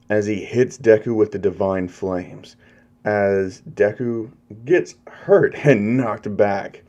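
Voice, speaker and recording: A man's voice: fairly low pitch, takes it slowly, darkish tone, dull audio. A young man casually narrating a fan story, rambling along and swearing now and then.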